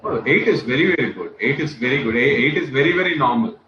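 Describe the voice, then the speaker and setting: A man's voice: mid-range voice, expressive, quick pace, roomy sound, muffled recording, background noise. A man leading a casual group chat, talkative, repeating himself and using many fillers. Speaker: English class host.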